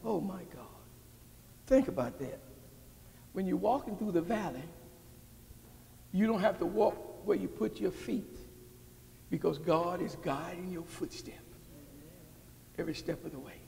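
A man preaching a sermon as pastor, calling out questions to the congregation and building to shouts. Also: high-pitched, expressive, measured pace, gravelly, long pauses, slight background noise. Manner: call-and-response preaching, rising to shouts. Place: church sanctuary. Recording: long hall reverb.

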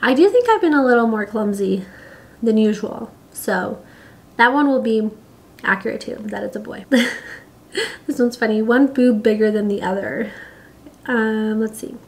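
Casting: young pregnant woman, slightly high voice, giggly casual vlog chatter with filler words. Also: normal speed, pauses often. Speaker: vlogger. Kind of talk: casual chat to camera.

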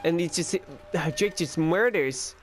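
A man's voice: a little high, measured pace, faint music behind. A young man giving casual, joking let's-play commentary and chatting to the game character. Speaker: gaming YouTuber.

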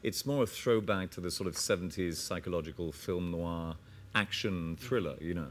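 A man being interviewed as an actor guest, talking in an animated way, laughing often and restarting his sentences. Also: low voice, normal speed. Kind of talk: casual interview chat.

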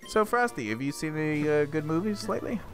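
A man's voice: on the high side, lively intonation, fast, soft background music. A man hosting a let's play, joking, laughing and repeating silly phrases as he plays. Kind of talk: joking game commentary.

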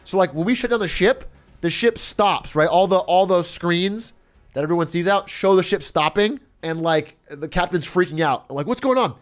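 A man streamer telling a story in casual chat, animated, laughing often and swearing freely. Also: high-pitched, normal speed.

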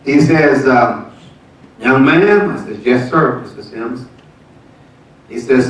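Older preacher, echoey far-off church. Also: male voice, mid-range voice, slow pace, pauses often. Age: 70s. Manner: folksy storytelling, laughing often. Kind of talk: church testimony and announcements. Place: church sanctuary.

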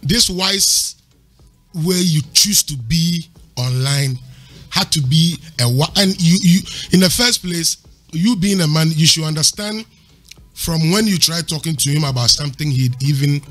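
A man lecturing hard on a talk panel, his voice husky and a little high for a man. He hammers home his points by repeating them, with faint music playing behind. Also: moderate pace, a bit bright. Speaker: panel commentator. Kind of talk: emphatic argument.

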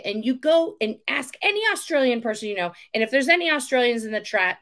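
A woman in her thirties telling a story as a guest in a casual chat, animated, acting out quotes and swearing freely. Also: on the high side, fast. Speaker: podcast guest.

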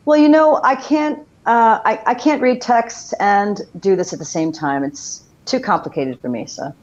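A woman's voice: mid-range voice, normal speed, a little mellow, dull audio. A woman guest on a video call, wry and self-deprecating in casual chat. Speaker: guest actress.

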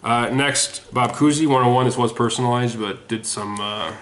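In a home video recorded in an echoey room with faint noise, a sports autograph collector goes over his mail returns. He rambles casually and self-deprecatingly, with many ums and restarts, in a slightly hoarse, sweaty-sounding mid-range voice at normal speed.

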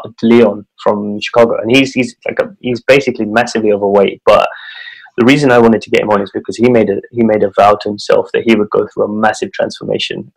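Earnest man hosting a podcast, low voice. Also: creaky, poor audio. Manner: earnest, repeats words, builds his points. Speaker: podcast host. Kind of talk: casual conversational interview.

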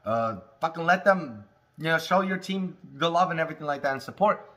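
Animated stoned man rambling, lots of swearing. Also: a little high, brisk. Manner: rambling, profane, jokey, with laughs and smoker's coughs. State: high on cannabis. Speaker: cannabis review host. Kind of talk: casual stoned monologue.

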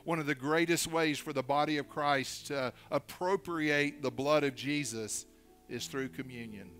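Man preaching, bright ringing voice, pretty high pitch, gets loud and emphatic. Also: unhurried, soft background music. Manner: preaching with rising, emphatic declarations. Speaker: pastor. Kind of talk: sermon.

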